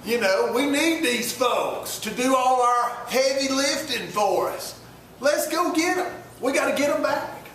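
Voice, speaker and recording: A man's voice: very high-pitched, lively intonation, measured pace, a bit bright, a little hiss or hum, pitched above the performer's own voice, heavily acted. A preacher doing a fretful, bossy king. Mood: fretful scheming. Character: scheming king with a sudden change of heart. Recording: very echoey room, mic far off.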